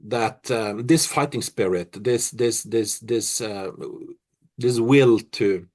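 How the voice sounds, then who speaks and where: Halting middle-aged man. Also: medium pitch, darkish tone. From Norway. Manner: reflective, halting, many restarts and fillers. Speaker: musician being interviewed. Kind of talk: casual interview answers.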